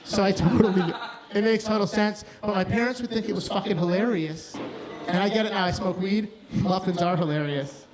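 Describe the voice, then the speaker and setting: A man performing a live stand-up set in a bar, rambling and crude, often cutting himself off mid-sentence. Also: sits high. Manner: rambling, crude, self-interrupting. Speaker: stand-up comedian. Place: bar stage before a crowd. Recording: live bar with crowd noise. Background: audience laughter.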